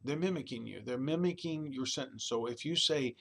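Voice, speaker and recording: A man at a middle pitch delivering a recorded college lecture. He talks conversationally and keeps checking in with "okay?" and "all right?". Now and then he imitates a baby's babble. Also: fairly quick, gravelly, a bit bright. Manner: demonstrates baby babbling sounds.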